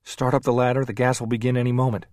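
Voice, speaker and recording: A man voicing a grim, calm male scientist who speaks quietly and clipped, growing urgent. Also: medium pitch, quick pace, no echo, clean studio sound, pitched above the performer's own voice, lightly acted.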